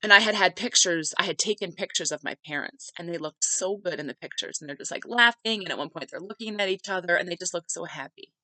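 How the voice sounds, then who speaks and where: Woman podcast host with a bright, tense tone and a dry, close sound; a heartfelt, chatty storyteller who says "like" a lot. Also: fairly low pitch, fast talker, hardly any pauses, no echo, rough recording. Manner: conversational, heartfelt, many filler "like"s. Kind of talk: personal storytelling monologue.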